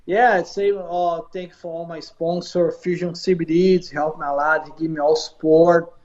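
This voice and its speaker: A man from Brazil with a Brazilian Portuguese accent, answering interview questions in halting, repetitive English. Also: fairly high pitch, little pitch movement, darkish tone, dull audio. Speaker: professional fighter.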